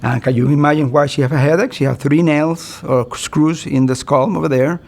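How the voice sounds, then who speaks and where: A man's voice: a little high, steady tone, a little fast, vocal fry, a little mellow. A middle-aged man, a physician, giving a recorded continuing-education lecture in an earnest, conversational way. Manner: earnest, conversational, acts out doctor-patient exchanges.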